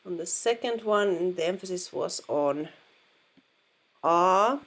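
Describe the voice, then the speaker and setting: A woman's voice: lowish voice, animated, slow. A woman with a Finnish accent, patiently explaining pronunciation in a language lesson and repeating words to model them. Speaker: language teacher.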